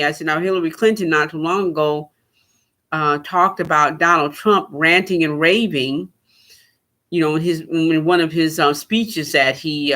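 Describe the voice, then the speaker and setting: Male podcast host, bright tone, sarcastic off-the-cuff commentary. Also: a little high. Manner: rambling, sarcastic, laughs at his own points. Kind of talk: solo political commentary.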